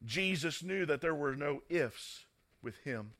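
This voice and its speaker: A man's voice: a little high, animated, takes it slowly, a bit bright. A man preaching a sermon in a dramatic manner, reading scripture and rising to fervent emphasis.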